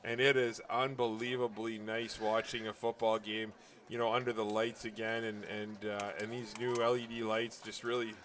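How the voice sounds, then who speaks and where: A man's voice: lowish voice, level tone, moderate pace, a bit bright. A man giving chatty live football commentary, laughing often and speeding up on big plays. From Northern Ontario. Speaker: color commentator.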